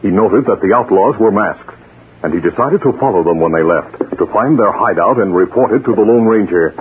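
A man giving measured, scripted narration for an old radio adventure serial. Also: lowish voice, expressive. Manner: measured storytelling. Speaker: narrator and announcer. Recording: lo-fi old radio broadcast with hiss.

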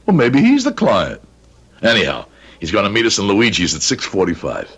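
A jovial, husky businessman. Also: on the low side, wildly swooping pitch, moderate pace, fairly bright tone, exaggerated voice. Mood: genial. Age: 40s. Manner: jovial, laughing, nostalgic. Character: genial, chatty 42-year-old businessman husband.

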